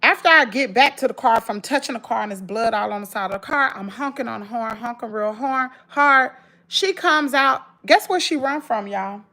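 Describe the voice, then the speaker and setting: A woman's voice: fairly high pitch, expressive, normal speed, bright, forceful tone. A woman with a Southern US accent, telling an emotional story straight to her viewers in an emphatic, rambling way, full of restarts. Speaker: vlogger.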